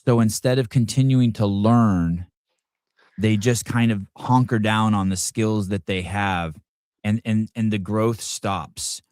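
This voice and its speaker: A man's voice: on the low side, steady tone, slow pace, a little mellow, clear, resonant tone, dry recording, studio quality. A man hosting a podcast, asking curious, short follow-up questions in a casual interview. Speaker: podcast host.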